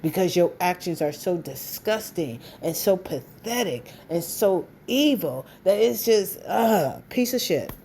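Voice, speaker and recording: Heated woman ranting, mellow voice. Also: fairly low pitch, expressive, a little slow, hardly any pauses, slight background noise. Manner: blunt, heated, profane, repeats insults. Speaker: vlogger. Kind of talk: angry direct-to-camera rant.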